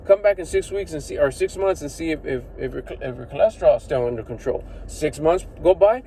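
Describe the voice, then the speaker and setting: A middle-aged man giving casual motivational talk to camera, animated and slangy, swearing freely and asking rhetorical questions, recorded on a phone inside a vehicle. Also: fairly high pitch, fairly quick, few pauses, slight background noise, rough recording. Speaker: personal development vlogger.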